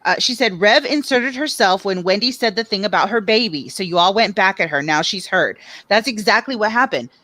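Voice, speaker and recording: A woman's voice: medium pitch, lively intonation, brisk, fairly bright tone, no echo. A middle-aged woman co-hosting a live stream, talking bluntly and frankly in casual chat. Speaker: co-host.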